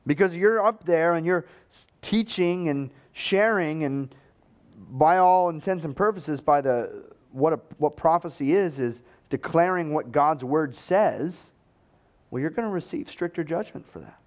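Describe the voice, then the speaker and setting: A man's voice: a little high, expressive, measured pace. A man preaching a sermon in a conversational storytelling way, acting out the voices he quotes.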